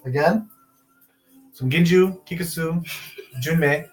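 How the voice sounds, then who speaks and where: A young man with a slightly raised pitch hosts a casual talk show from home. He rambles loosely and laughs often as he wraps up, easygoing and unscripted. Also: takes it slowly, faint music behind. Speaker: podcast host. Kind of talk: casual chat.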